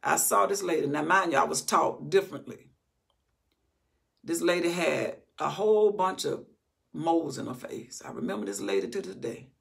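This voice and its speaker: A woman's voice: sits low, expressive, moderate pace, creaky. A middle-aged woman teaching a Bible study, reading scripture aloud and then expounding on it with rising, emphatic force.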